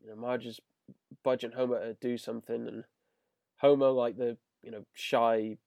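A man's voice: mid-range voice, level tone, normal speed, gravelly, a little mellow, no room sound, studio quality. A man hosting a podcast, enthusiastically recapping a cartoon episode with lots of fillers. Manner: enthusiastic, paraphrasing scenes with filler words. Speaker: podcast host. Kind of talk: casual chat reviewing an episode.

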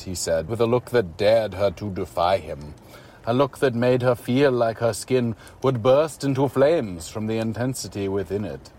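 A man reading a story aloud as scripted narration, in a steady, even way. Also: fairly low pitch, a little slow, slight background noise.

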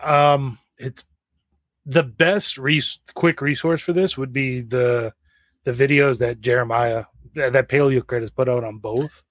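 A man co-hosting a casual podcast chat, telling dry, deadpan jokes between his stories. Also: medium pitch, a little slow, no echo. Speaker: podcast co-host.

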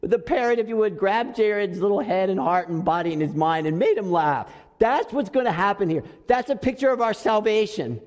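Animated preaching man in a reverberant hall. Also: high voice, fairly quick, hardly any pauses. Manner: animated storytelling, swings between loud and soft. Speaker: pastor. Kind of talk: sermon. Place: church sanctuary.

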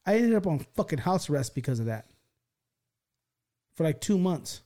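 A man's voice: on the high side, normal speed. A man on a podcast telling a wild story in rambling, profane casual talk, full of restarts and acted-out quotes. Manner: animated, acts out quoted voices.

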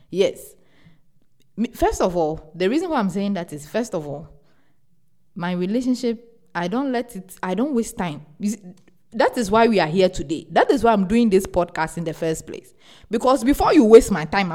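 With a mid-range voice, this young podcast host gets animated and emphatic as she offers casual relationship advice, doubling up on words to drive her points home.

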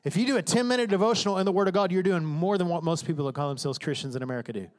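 Male pastor, high voice, emphatic conversational sermon delivery, acts out inner voices, big hall reverb. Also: racing. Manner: emphatic preaching, acting out inner voices and prayers.

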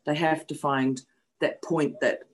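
A woman's voice: deep voice, steady tone, a little slow, husky, low-quality recording. A woman in her fifties speaking frankly and emotionally as an interview guest, repeating phrases for emphasis and swearing bluntly. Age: 50s. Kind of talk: candid personal storytelling. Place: New Zealand.

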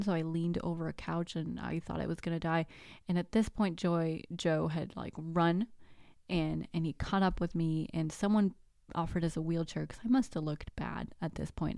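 Soft-voiced woman telling a personal story. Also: fairly low pitch, dry recording, clean studio sound. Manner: animated, acts out dialogue, drops to whispers. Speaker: podcast host. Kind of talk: casual storytelling.

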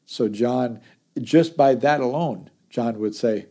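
Earnest male pastor with a mellow voice. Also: mid-range voice, takes it slowly. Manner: earnest, reads verses then explains them. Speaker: pastor teaching a daily Bible study. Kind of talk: conversational Bible teaching.

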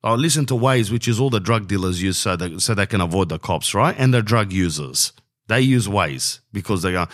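Australian guy, low-ish voice, loose slangy storyteller, comic exaggeration. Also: lively intonation, a little fast, a bit bright. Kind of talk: casual storytelling monologue.

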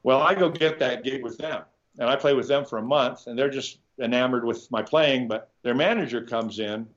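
With dull audio, a man with a medium pitch speaks at a moderate pace. The Nebraska guitarist rambles animatedly through anecdotes in a relaxed interview, frequently starting over and swearing from time to time.

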